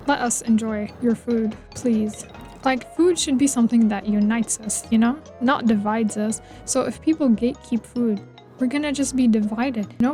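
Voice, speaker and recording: A woman vlogger who builds in video games chats casually over her gameplay, her slightly high voice mellow in tone. She rambles playfully, saying "like" and "you know" a lot, with faint music in the background.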